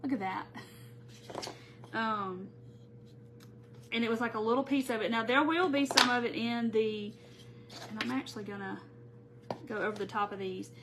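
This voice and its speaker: Against background noise, a woman leads a live crafting tutorial at a moderate pace, leaving long pauses. She speaks in a little high voice, chatting casually and greeting viewers by name as she works.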